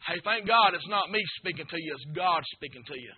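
Fervent pastor preaching on radio. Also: male voice, a little high, animated, brisk. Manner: swings between shouted fervor and hushed intensity. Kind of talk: sermon. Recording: tinny lo-fi radio broadcast.

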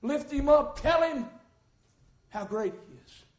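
High-pitched preacher in echoey church. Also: male voice, lively intonation, slow pace. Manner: folksy, rising to fervent shouts. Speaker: pastor. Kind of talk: sermon. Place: church sanctuary.

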